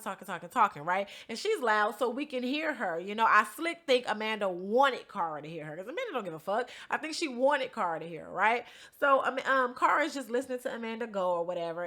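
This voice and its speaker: A young woman casually recapping a reality show, animated and profane, acting out quotes and laughing often. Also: a little high. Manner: profane, slangy.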